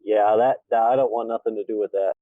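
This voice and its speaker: A man speaking in a measured, matter-of-fact way in a casual group voice chat. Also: on the low side, fairly even intonation, dry recording. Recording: phone-like voice chat audio.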